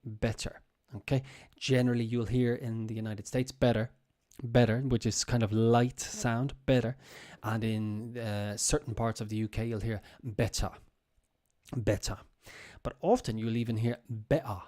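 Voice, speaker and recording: A man hosts a relaxed livestream English lesson in a mellow, warm voice at a middle pitch. He talks loosely with plenty of fillers and patiently repeats example words for his learners. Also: moderate pace. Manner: loose and chatty, many fillers. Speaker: English teacher and stream host.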